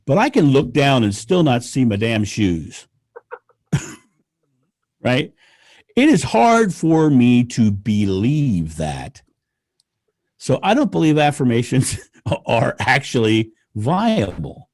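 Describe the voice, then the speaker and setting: Animated man with a lively voice. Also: mid-range voice, slow, pauses often, dry recording, clean studio sound. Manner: animated, laughs often, rants with enthusiasm. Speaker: podcast guest. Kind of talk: casual conversation.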